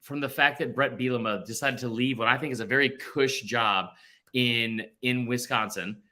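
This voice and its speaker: A man's voice: medium pitch, fairly even intonation, normal speed, bright, forceful tone. A man in his thirties hosting a casual sports podcast, rambling and self-deprecating. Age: 30s. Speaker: podcast host.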